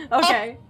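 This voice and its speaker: A woman running a tabletop game as game master, describing the action vividly between quick rules checks. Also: pushed and bright.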